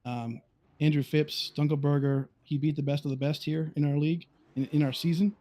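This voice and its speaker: A man's voice: fairly high pitch, fairly even intonation, fairly quick, warm tone. A man giving color commentary on a sim racing broadcast, rambling with frequent restarts. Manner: rambling, with many restarts and fillers.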